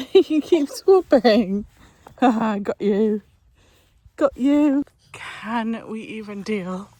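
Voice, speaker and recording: A young woman vlogging about her day as a mother. She chats casually to the camera, thinks aloud, and switches into sing-song baby talk with her daughter. Her voice sits at a middling pitch. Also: darkish tone, a little hiss or hum. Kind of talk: casual vlog chat to camera.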